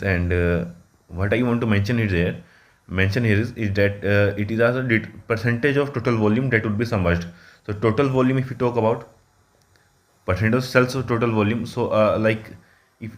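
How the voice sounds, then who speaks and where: A man working through an engineering problem at a whiteboard, halting often with fillers and self-corrections. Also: lowish voice. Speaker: engineering exam tutor.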